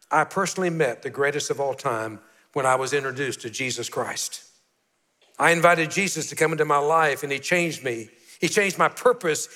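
A man's voice: medium pitch, bright, forceful tone, big-room sound. A man in his sixties, a pastor preaching a sermon with earnest storytelling and repeated key phrases. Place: church sanctuary.

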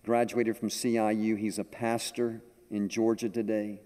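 Older guy preaching, telling stories, warm mellow tone, long reverb like a church. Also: fairly low pitch, measured pace. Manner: storytelling, animated. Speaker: pastor. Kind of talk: sermon. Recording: echoey hall with long reverb.

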